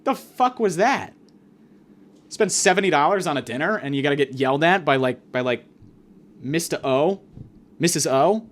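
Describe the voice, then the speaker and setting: A man's voice: fairly high pitch, fairly quick. A man hosting a podcast, delivering a rambling, profane, exasperated comedic rant. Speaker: podcast host.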